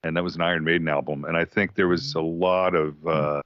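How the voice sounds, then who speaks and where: Male podcast co-host, deep, hesitant rambling, lively pitch, dull lo-fi dry sound. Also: fairly quick, no room sound. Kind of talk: casual podcast chat.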